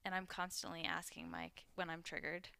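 A woman's voice: fairly low pitch, sing-song, normal speed, vocal fry, sharp tone, dry recording. A woman reflecting openly on her relationship in a candid conversation among friends, speaking in a vulnerable way with many "like" fillers. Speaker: podcast guest.

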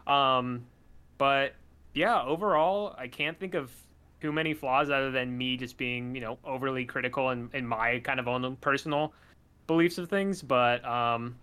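Bright-voiced chatty man. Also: medium pitch, normal speed, clean tone. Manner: rambling, animated, laughs often. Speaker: podcast co-host. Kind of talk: casual chat, film review.

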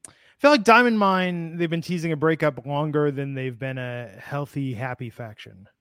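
A man's voice: on the high side, moderate pace, a bit bright, clean tone, dry recording. A man co-hosting a podcast, talking in a laid-back, dry way about wrestling and reading listener comments. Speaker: podcast co-host. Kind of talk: casual wrestling chat.

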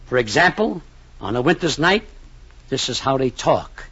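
A man telling a radio comedy yarn in a grand, mock-pompous manner, his pitch leaping about with lively swings. His voice is husky, and the old recording is dull and dry. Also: normal speed. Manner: mock-pompous and long-winded, with grand phrasing. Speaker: comic narrator. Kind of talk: 1940s radio comedy monologue.

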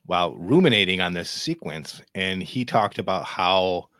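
A man co-hosting a casual film podcast, relaxed and candid, swearing casually. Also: sits low, normal speed, dry recording, studio quality. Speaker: podcast co-host.

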